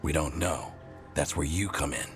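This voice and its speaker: A man's voice: moderate pace, music in the background. An actor playing a stern male elf ranger leader who guards his forest, speaking in a commanding tone in a video game. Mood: grim, determined. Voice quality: very deep, commanding.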